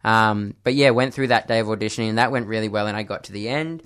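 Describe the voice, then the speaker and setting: A man's voice: lowish voice, fast, fairly bright tone, clear, resonant tone. A young man, a dancer and actor, chatting casually in an interview, with many fillers and friendly laughs.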